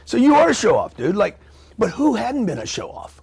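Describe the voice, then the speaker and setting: A man's voice: high voice, huge pitch swings, fairly quick, vocal fry, darkish tone, breathy edge. A man speaking as an interview guest, brash and blunt, swearing freely. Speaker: guest, entrepreneur. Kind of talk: casual interview chat.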